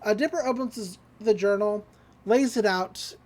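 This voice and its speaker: A podcast host with a slightly mellow, mid-range voice recaps a cartoon episode at normal speed. She's casual, chatty, and enthusiastic, using frequent fillers.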